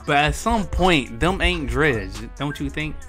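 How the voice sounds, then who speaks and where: A man's voice: on the high side, animated, a little slow, a bit bright, soft background music. A man in his twenties hosting a video chat prank, teasing strangers with profane, joking banter. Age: 20s. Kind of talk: casual chat.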